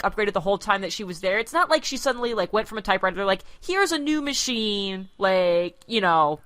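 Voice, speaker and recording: A woman's voice: a little high, fairly bright tone. A woman co-hosting a podcast, telling a work story in casual chat and acting out the quotes. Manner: chatty storyteller, acts out quotes. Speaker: podcast co-host.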